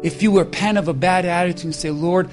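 A man preaching a sermon as pastor, emphatic, with loud calls and hushed stretches. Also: high-pitched, steady tone, fast, over music.

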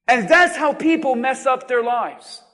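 A man preaching a sermon, swinging from loud emphatic shouts to quiet, drawn-out phrases in a church. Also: very high-pitched, expressive. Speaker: pastor. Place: church sanctuary. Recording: long reverb in a large hall.

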